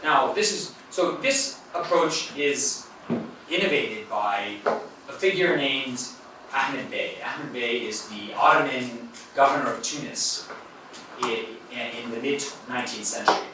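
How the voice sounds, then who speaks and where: A man's voice: medium pitch, a little slow. A man, a university professor, giving an academic lecture in a hall in a conversational way, with fillers and self-corrections. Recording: very echoey hall, voice from a distance, faint noise.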